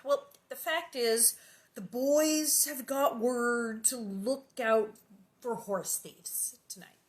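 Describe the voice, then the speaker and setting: A woman giving voice to a pioneer father in a storybook reading, steady and reassuring toward his worried wife, pitched a touch higher and louder than the reader's own voice. He keeps his words calm and low-key. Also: takes it slowly.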